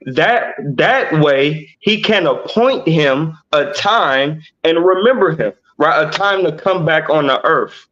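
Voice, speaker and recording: A man's voice: fairly high pitch, lively intonation, fairly bright tone, highs cut off. Man leading a Bible study, constant "right?". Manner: explains slowly, asks "right?" after nearly every point. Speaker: teacher.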